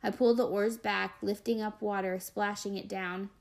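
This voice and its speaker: A woman reading an audiobook in the first person, telling the story expressively with dramatic, measured pauses. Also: medium pitch, fairly even intonation, gravelly. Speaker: audiobook narrator.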